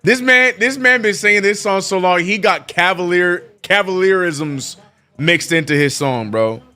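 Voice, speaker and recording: A man hosting a live sports watch-along, chatting casually and excitably with lots of slang and repeated "bro". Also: high voice, moderate pace, clear, resonant tone. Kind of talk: casual live-stream chat.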